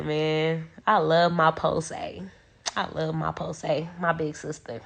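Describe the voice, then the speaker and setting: Young woman, low gravelly voice, emotional rambling phone livestream from a dark room at home. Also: completely flat delivery, takes it slowly. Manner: emotional, rambling with many fillers. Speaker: livestreamer speaking about her sister. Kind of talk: casual livestream talk.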